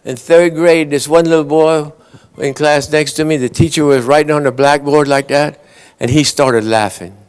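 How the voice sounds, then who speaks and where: Man doing a Cajun buddy, dim-witted, scheming, hushed drawl, slightly high voice. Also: fairly even intonation, moderate pace, clean tone, lightly acted. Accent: Cajun Louisiana.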